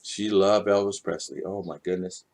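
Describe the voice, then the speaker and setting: A man hosting a casual live stream, chatting with viewers and greeting them by name. He is animated and chuckles often. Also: low voice, normal speed, vocal fry. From United States.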